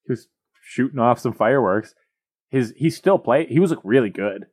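A man's voice: medium pitch, animated, normal speed, a little mellow, husky. A man telling a story in casual, joking podcast chat, rambling with comic asides.

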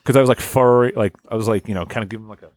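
A man co-hosting a casual chat, telling stories quickly and with laughs. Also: lowish voice, no room sound. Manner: fast, animated storytelling with laughs.

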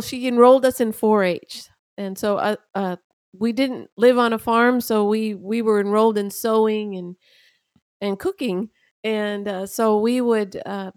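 Older woman, higher voice, dry sound. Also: a little mellow, no room sound. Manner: rambling with restarts, laughing fondly. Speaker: guest mother. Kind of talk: casual storytelling.

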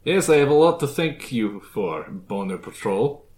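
A man's voice: medium pitch, big pitch swings, measured pace, a crowd in the background. Guy doing a hammy transylvanian vampire ceo, old and smug, swoopy voice, echoey room. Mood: mocking. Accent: put-on Transylvanian. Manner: hammy villain drawl. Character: ancient male vampire CEO, smug and theatrical.

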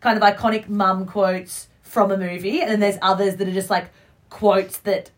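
A woman hosting a casual podcast quote game, chatty and quick to laugh. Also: mid-range voice, little pitch movement. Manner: chatty, laughs often, reads quotes in put-on voices. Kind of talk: casual chat.

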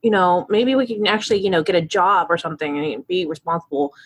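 A curt young male crook behind bars, as a woman puts him on, grumbling in a dropped, husky voice. He answers short and flat. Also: lowish voice, quick pace, voice pushed down.

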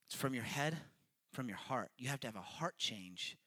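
Preacher, male, mid-pitched and bright, reads scripture then talks it through in a loose, earnest, conversational way. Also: lively intonation, moderate pace. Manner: chatty and earnest, checks in with listeners, laughs at the text. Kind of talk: casual conversational sermon with scripture reading.

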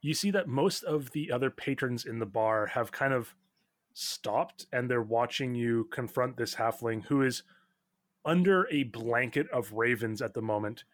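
A man narrating a tabletop game as game master, in a relaxed, halting way full of fillers. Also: medium pitch, no echo.

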